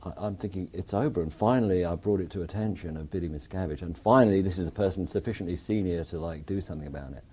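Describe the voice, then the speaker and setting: English man, deep voice, mellow tone, animated storytelling, interview guest, quotes people in voices. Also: fast, few pauses, breathy edge. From England.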